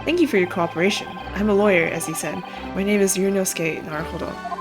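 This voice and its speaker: A woman's voice: mid-range voice, fairly even intonation, quick pace, music in the background, natural voice. Woman reading a bewildered young lawyer. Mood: puzzled.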